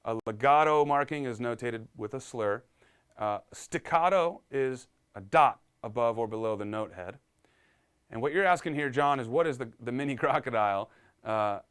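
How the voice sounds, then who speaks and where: During a live-streamed piano lesson, the male teacher chats cheerfully, reading viewers' comments aloud and explaining along the way. His medium-pitched voice is expressive, smooth, and somewhat bright, at a normal speed.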